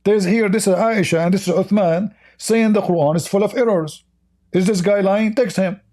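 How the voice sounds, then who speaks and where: A man's voice: high-pitched, normal speed, dark tone. A man hosting a heated debate, insistent and repetitive, cutting in often. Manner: insistent, repeats himself, interrupts. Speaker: debate host.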